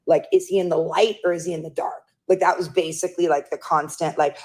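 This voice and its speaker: In a casual interview, a woman recounts events from her own life as a friend would, chatty and packed with fillers, acting out the voices of people she quotes. Her voice is lowish and darkish, steady in tone, and she talks fast with hardly any pauses.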